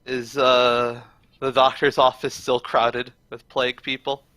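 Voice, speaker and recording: A man playing a tabletop game in casual chat, relaxed and stop-start as he plans. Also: mid-range voice, measured pace, no echo. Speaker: player.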